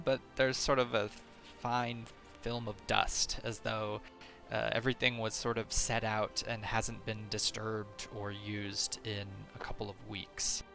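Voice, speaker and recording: Man, game master, gravelly voice, narrating scenes, soft music. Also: medium pitch. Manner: relaxed, filler-heavy narration.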